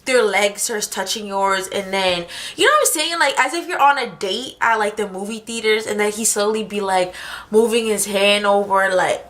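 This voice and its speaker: Bright, animated young woman vlogger. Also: mid-range voice. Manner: animated, slangy, fast storytelling. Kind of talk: casual storytime vlog.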